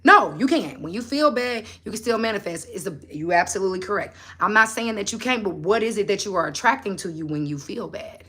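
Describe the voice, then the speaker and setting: A woman hosts a relaxed motivational livestream. Her voice is bright and forward, and her delivery is animated and preachy. She keeps turning to her viewers with pointed questions. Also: medium pitch, fairly quick, few pauses, husky. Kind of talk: casual livestream talk.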